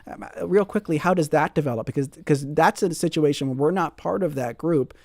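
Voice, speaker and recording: A man hosting a public radio talk show from a studio, measured and friendly as he interviews and signs off. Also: a little high, a little mellow, no room sound. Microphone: studio microphone.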